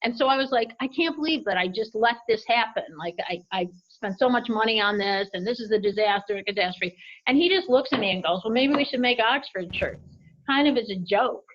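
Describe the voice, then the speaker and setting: A woman at mid pitch answers interview questions as head of a clothing company. She tells her business stories in an animated way and acts out the voices of the people in them. The audio is dull and lo-fi. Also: brisk. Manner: animated anecdotes with lively quoted voices. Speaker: CEO of an apparel company, interview guest. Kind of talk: conversational interview, storytelling.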